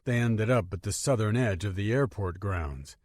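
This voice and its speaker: A man narrating a thriller audiobook in an even, measured way. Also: lowish voice, dry recording, studio quality. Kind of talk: scripted narration.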